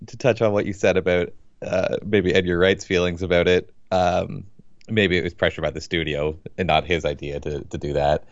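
A man with a very deep voice weighs his thoughts on a movie in a casual chat. He pauses often and hedges with fillers. The sound is muffled, dry and a little lo-fi. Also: fairly even intonation, dry recording. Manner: measured, hesitant, many fillers. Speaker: podcast co-host. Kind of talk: casual film review chat.

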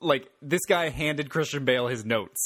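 A man's voice: mid-range voice, moderate pace, fairly bright tone, slightly rough, no echo. Chatty man in a dry room. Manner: chatty, laughing, many fillers. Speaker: podcast co-host. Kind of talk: casual movie discussion.

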